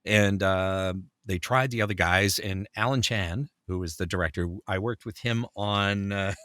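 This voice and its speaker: A man from Canada, a voice actor guest, telling animated anecdotes in casual chat and acting out the quotes. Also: on the low side, unhurried, no room sound, studio quality. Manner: animated storyteller, acts out quotes.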